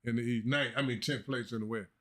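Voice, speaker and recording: A man co-hosting a casual sports talk show, arguing in a skeptical, measured, drawling way. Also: mid-range voice, fairly even intonation, a bit bright. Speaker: co-host.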